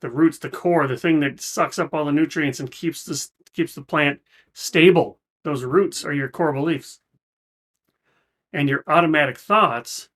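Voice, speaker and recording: This reaction-video host has a slightly high, fairly bright voice. He gives casual commentary, working through ideas in a thoughtful, easygoing way and restarting often.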